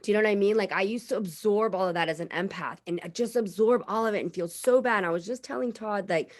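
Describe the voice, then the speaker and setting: This thirty-something podcast co-host speaks in a mid-range voice and talks quickly. In casual conversation she spins lively anecdotes, performing other people's lines as she quotes them.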